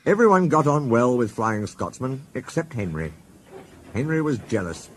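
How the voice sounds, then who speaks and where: A man narrates a children's railway story in a steady, storytelling way. His pitch moves freely. Music plays under the narration. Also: normal speed. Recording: music bed.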